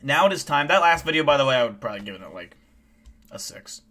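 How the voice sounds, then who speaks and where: A man streaming live, telling wild stories in animated, profane, casual chat. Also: medium pitch, quick pace, slight background noise.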